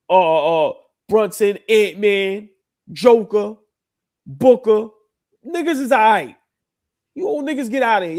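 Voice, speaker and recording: A man co-hosting a live basketball reaction show, talking loud and profane with mocking asides. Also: sits high. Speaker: podcast co-host. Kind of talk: casual sports reaction chat.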